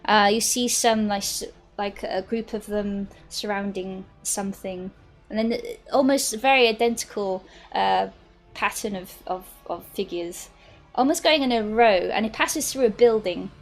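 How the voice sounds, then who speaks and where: A woman narrating a tabletop game as game master, pausing and restarting her sentences often. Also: medium pitch, faint music behind. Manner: halting, lots of fillers and restarts.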